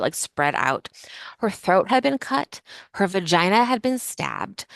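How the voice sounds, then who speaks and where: Woman, podcast host, casual history storytelling, chatty, lots of fillers, slightly low voice, dry close sound. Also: a bit bright, clean tone, dry recording.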